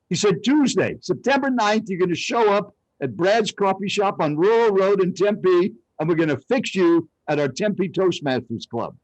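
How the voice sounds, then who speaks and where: A man's voice: sits high, normal speed, few pauses, no echo, low-quality recording. An older man, a speech coach, telling dramatic personal stories as an interview guest. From Arizona, United States. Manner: animated, dramatic storyteller. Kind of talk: storytelling interview.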